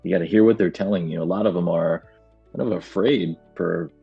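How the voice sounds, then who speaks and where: A man's voice: deep voice, a little fast, gravelly, mellow, breathy edge, lo-fi sound, soft background music. A man co-hosting a casual business podcast, speaking plainly and often chiming in to agree. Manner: plain-spoken, lots of agreeing interjections. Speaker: podcast co-host.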